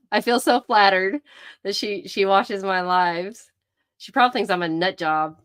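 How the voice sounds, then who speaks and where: A middle-aged woman hosting a livestream, chatting excitedly and greeting viewers by name. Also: mid-range voice, takes it slowly, long pauses. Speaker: livestream host. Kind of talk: casual livestream chat.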